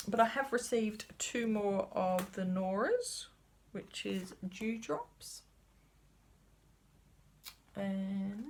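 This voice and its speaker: Chatty woman with gravelly voice. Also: medium pitch, a little hiss or hum. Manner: chatty, rambling, drops to a whisper at times. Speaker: cross-stitch vlogger. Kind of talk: casual chat showing craft supplies.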